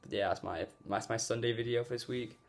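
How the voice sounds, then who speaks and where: A man's voice: medium pitch, fairly even intonation, brisk. A man talking casually to camera in a vlog, rambling and earnest with lots of fillers, recorded on a phone. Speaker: gaming YouTuber. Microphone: phone mic.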